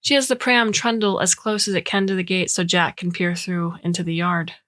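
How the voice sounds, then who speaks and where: Low-voiced woman narrating a story. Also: fairly even intonation, moderate pace, a bit bright.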